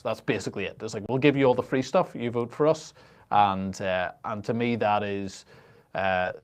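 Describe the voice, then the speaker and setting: A man co-hosting a casual political talk show, talking in halting bursts with many restarts and sardonic asides. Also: on the low side. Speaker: editor-in-chief and co-host.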